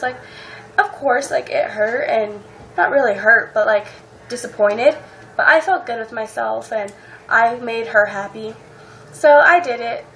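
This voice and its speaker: Teen girl vlogger, gushing storyteller, a bit high-pitched, faint noise behind. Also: poor audio. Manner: excited, fills speech with "like" and "um". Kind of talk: casual storytelling to camera.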